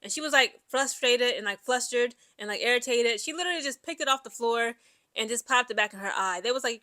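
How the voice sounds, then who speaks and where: A woman's voice: on the high side, brisk, dry recording. A young woman, giving casual, chatty sports commentary full of fillers and reading an article aloud. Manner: chatty, animated, many "like" and "you know" fillers.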